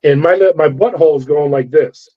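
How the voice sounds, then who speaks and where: A middle-aged man who used to be a corrections officer tells a story in an interview, speaking briskly in a fairly high voice and animatedly acting out the voices of the people involved. The recording has a dull, lo-fi quality.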